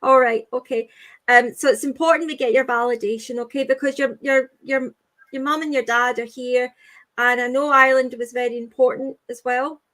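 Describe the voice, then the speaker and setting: High-voiced woman medium, soothing. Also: fairly even intonation, a bit bright. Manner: halting, repeats phrases, soothing with "okay, sweetheart". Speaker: medium giving readings. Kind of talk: live online spirit reading.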